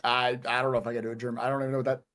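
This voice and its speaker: A man's voice: medium pitch, flat delivery, very fast, fairly bright tone. A man with a Texan accent, a tabletop player joking at the table, often stammering and giggling. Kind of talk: casual out-of-game table chat.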